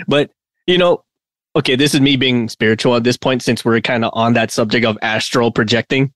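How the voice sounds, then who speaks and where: A man's voice: medium pitch, a little fast, fairly bright tone, dry recording, clean studio sound. A man co-hosting a casual podcast, rambling and laughing often as he talks. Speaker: podcast co-host.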